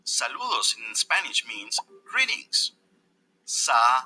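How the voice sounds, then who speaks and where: A zany marshmallow professor played by a man leads a kids' Spanish video in a sharply bright, husky voice. The pitch leaps wildly up and down while he drills words slowly. Faint music plays behind him. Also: sing-song, full character voice. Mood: teaching. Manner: exaggerated, sing-song, repetitive drills. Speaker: video teacher character.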